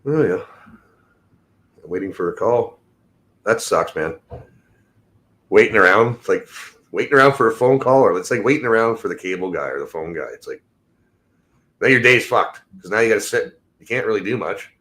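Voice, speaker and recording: A man's voice: lowish voice, expressive, moderate pace, long pauses, a bit bright. A man hosting a casual livestream, rambling loosely and swearing constantly as he talks about his work as a tradesman. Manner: rambling and heavily profane. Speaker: livestream host.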